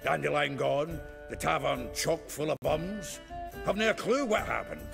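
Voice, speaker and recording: An actor playing a gruff, boisterous male dwarf companion in a video game, speaking with a coarse, earthy way of talking. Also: a little high, expressive, moderate pace, over music. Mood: exasperated. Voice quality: gravelly, earthy, coarse-spoken.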